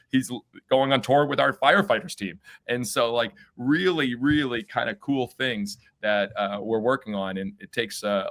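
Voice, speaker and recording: A man, a podcast guest, telling stories in an energetic, enthusiastic way. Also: fairly low pitch. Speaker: guest, baseball team owner. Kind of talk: conversational podcast interview.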